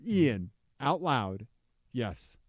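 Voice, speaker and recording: A man's voice: medium pitch, very animated, extremely slow, no echo, muffled recording. Joking male podcast host, dry sound. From Missouri, USA. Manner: joking, reads listener bits aloud. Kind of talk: casual podcast banter.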